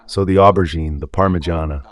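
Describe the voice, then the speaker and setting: Deep-voiced man musing aloud. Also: steady tone, a little fast. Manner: rambling, with many rhetorical questions. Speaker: Catholic radio commentator. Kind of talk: casual spoken commentary.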